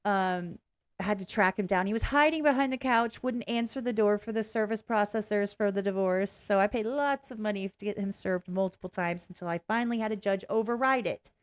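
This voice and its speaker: A woman's voice: medium pitch, a little fast. A woman vlogging casually in a blunt, candid way, swearing freely, rambling and restarting as she talks. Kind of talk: casual reaction vlog.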